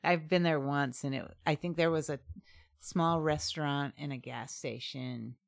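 A woman's voice: low voice, measured pace, creaky. A woman from Southeast Alaska, co-hosting a casual chat podcast, talking chattily and laughing often. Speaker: podcast co-host.

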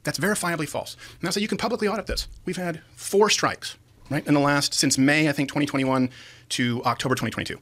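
Brief: insistent male podcast guest, very fast, argumentative. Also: a little high, a bit bright. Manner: argumentative, rapid-fire. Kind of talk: heated podcast discussion.

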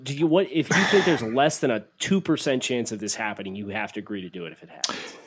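A man's voice: medium pitch, quick pace, slightly rough. A man co-hosting a casual sports podcast, reading listener takes and teasing his co-host.

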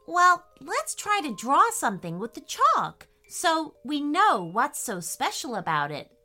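Woman doing a young boy, cheeky, curious, lifted pitch, bright, storybook. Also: wildly swooping pitch, unhurried, soft background music, heavily acted. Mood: eager. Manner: eager, giggly.

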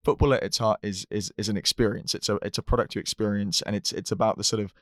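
A man from England co-hosting a podcast, thinking out loud and often repeating words as he begins a point. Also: fairly low pitch, fairly even intonation, fast talker, dry recording, clean studio sound. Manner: reflective, repeats words when starting a thought. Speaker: podcast co-host. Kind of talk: casual discussion.

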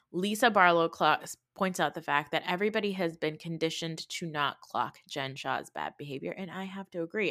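A young woman talks through a reality-show recap with blunt opinions and mocking asides. Her voice sits a little low for a woman and sounds close and dry, with no room around it. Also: a bit bright, no room sound. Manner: opinionated, blunt, swears freely; mocking imitations of people. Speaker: podcast host. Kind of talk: casual recap commentary.

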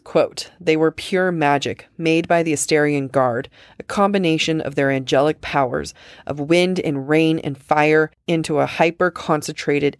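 A woman co-hosting a casual book-discussion podcast, chatty with lots of fillers, reading quotes aloud slowly. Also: deep voice, no room sound, clean studio sound. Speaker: podcast co-host.

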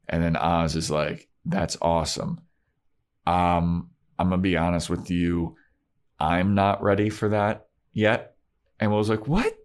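Podcast co-host, low-pitched man, casual chat, acts out scenes. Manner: animated retelling, acts out characters' lines. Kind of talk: casual chat recapping a TV episode.

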